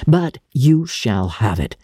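A reader giving voice to a wary young gentleman in an audiobook. He answers in hushed, halting half-whispers, and the breathy tone stays mellow and dark. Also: medium pitch, sing-song, dry recording, clean studio sound, heavily acted. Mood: hesitant. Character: young gentleman, hesitant and guarded. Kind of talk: audiobook character voice.

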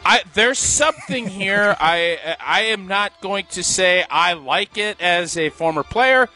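Ex-player guy on sports radio, bright highish voice, laughs a lot, opinionated. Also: slow, soft background music. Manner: opinionated, laughs often, animated. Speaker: radio co-host and former football player. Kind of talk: casual sports talk.

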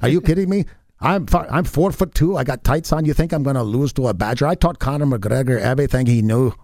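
A man's voice: mid-range voice, quick pace, a little mellow, no room sound, clean studio sound, close to an everyday voice. A man voicing a cocky, boastful tiny male leprechaun in a put-on Irish accent.

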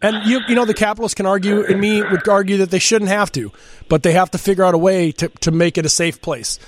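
A man's voice: high-pitched, fairly even intonation, fast talker, noisy background. A man hosting a radio talk show, chatting casually and laughing easily.

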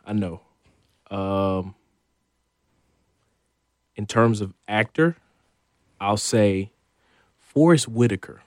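A man's voice: on the low side, expressive, extremely slow, pauses often, dry recording, studio quality. A man, a sports reporter, chatting as a guest on a talk show in an easygoing, sometimes hesitant way. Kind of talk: casual chat.

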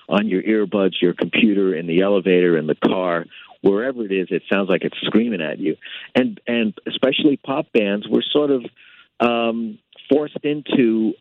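A guitarist being interviewed, speaking thoughtfully with many fillers over a phone line. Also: male voice, on the low side, no echo. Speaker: guitarist guest.

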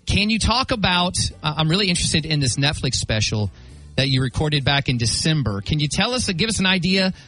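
A man's voice: on the high side, sing-song, a little fast, sharp tone, rough recording. A man hosting a morning radio interview, friendly and sprinkling his questions with hesitant fillers. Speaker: radio host.

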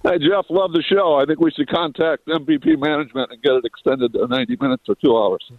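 A man calls in to a radio show while jogging, a little winded. His voice sits a bit high and comes over a tinny, dry phone line. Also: fast talker, no room sound. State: out of breath. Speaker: caller.

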